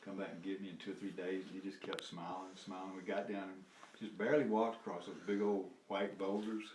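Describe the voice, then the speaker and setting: This older Southern US man's voice sits low and darkish with little pitch movement, and he talks briskly. As an interviewee looking back on his activism, he tells a meandering personal story full of chuckles and profanity, losing the thread and picking it up again. A far-off mic in a roomy space catches faint noise.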